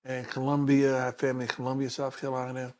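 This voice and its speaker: A man's voice: medium pitch, quick pace. A man, a guest telling stories from his life in an interview and acting out the people he quotes. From Brooklyn, New York. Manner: animated storyteller who acts out the people he quotes. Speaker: guest, detective. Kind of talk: personal storytelling in a sit-down interview.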